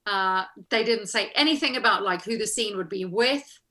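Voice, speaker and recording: Interviewed as a guest actress, this woman speaks in a mid-range voice at a moderate pace, sounding pushed and bright. Her storytelling is casual and chatty, full of acted-out quoted exchanges and frequent laughter.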